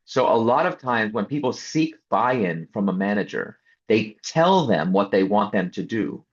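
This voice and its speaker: A man tells a story with a lot of energy, slipping into the voices of the people he quotes. His voice is husky and a little breathy. The audio is dull and lo-fi, with the top end muffled. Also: lowish voice. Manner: lively storyteller who acts out quoted voices. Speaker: interview guest. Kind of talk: animated storytelling interview answer.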